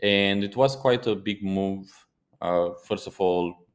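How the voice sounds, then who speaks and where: A man with a very low voice co-hosts a casual podcast discussion. He tells stories with animation and drops curse words for emphasis. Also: slow pace. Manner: animated storyteller who swears for emphasis. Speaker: podcast co-host.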